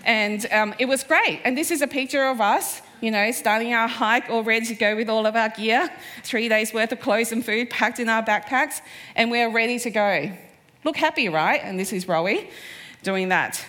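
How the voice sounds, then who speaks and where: Animated woman telling stories on stage. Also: a little high, normal speed. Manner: animated, acts out quoted voices. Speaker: speaker at a live event. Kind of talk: personal storytelling talk. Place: stage before a live audience.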